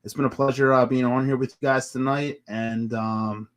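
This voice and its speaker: A man's voice: medium pitch, steady tone, moderate pace, clean tone. A man hosting a live podcast, chatting casually and rambling, repeating himself and quoting movie lines. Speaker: podcast host.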